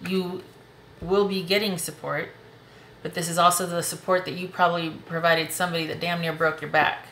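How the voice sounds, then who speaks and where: A woman's voice: fairly low pitch, flat delivery, moderate pace, fairly bright tone, reverberant, a little hiss or hum. A woman giving a casual tarot reading to camera in a reassuring, emotional way that breaks into laughs. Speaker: tarot reader. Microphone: close desk mic.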